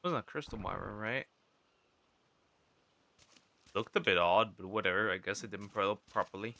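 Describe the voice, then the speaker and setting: A man's voice: fairly low pitch, normal speed, vocal fry, sharp tone. A young man casually rambling to himself as he streams a survival game. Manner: rambling, talks to himself while playing. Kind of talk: casual gameplay commentary.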